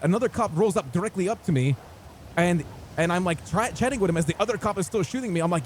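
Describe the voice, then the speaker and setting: A man's voice: high-pitched, lively intonation, quick pace, darkish tone, a little hiss or hum. A man telling a rambling, swearing story in character, acting out quotes as he goes. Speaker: roleplay gamer in character. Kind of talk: animated storytelling in game.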